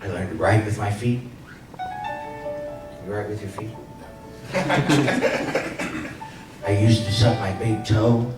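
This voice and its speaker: A lowish-voiced man in his sixties speaks slowly, leaving long pauses, as he gives an inspirational speech telling a personal story with comic punchlines. He's heard from afar in an echoey hall, with loud music behind his voice.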